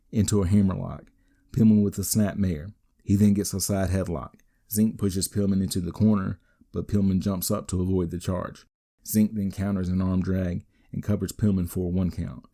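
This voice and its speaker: A man hosting a wrestling podcast, giving a steady, matter-of-fact play-by-play recap with the odd dry aside. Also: deep voice, moderate pace. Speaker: podcast host.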